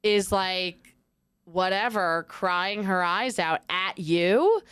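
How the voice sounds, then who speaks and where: A woman's voice: medium pitch, lively intonation, slow, fairly bright tone, smooth, no room sound. A woman co-hosting a podcast in casual chat, a supportive listener who answers with short affirmations. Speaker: podcast co-host.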